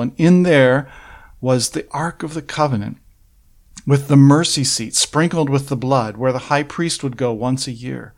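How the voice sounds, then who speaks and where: Male preacher, mid-range voice, earnest verse-by-verse sermon delivery with rhetorical questions. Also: medium pitch. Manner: earnest, measured Bible exposition with rhetorical questions.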